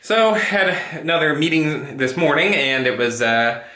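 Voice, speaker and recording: A man's voice: a little high, lively intonation, a little slow, sharp tone. A tired man in a house, chatting casually and rambling to the camera as he goes about his day. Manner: rambling, easygoing, talks to his cat. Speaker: vlogger. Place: cold, drafty house at home. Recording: echoey room with faint noise.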